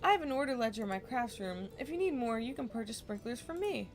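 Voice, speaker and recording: A woman voicing a timid, easily startled young woman farmer in a meek, hesitant, high-pitched voice, reading game dialogue aloud. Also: animated, fast, a little hiss or hum.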